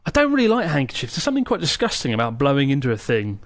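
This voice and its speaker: A man's voice: mid-range voice, rapid-fire, no echo. Chatty man on a dry podcast mic. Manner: relaxed, chatty, wry. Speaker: podcast co-host reading listener questions. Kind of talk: casual podcast chat.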